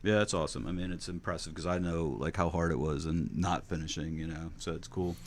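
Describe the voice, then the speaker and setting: Chill podcast host guy, really deep voice, keeps saying right. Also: fairly quick. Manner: relaxed, affirming, lots of "right". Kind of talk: casual interview chat.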